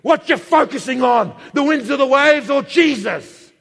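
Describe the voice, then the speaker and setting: A male preacher giving an emphatic sermon that swings between loud and hushed, heard in an echoey hall. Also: very high voice, expressive, unhurried, creaky. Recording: echoey hall with long reverb.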